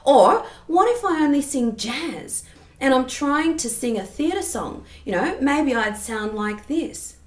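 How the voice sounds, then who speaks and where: A woman singing teacher explaining vocal technique patiently and clearly, often checking in with the listener. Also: sits high, animated, slow. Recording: roomy echo.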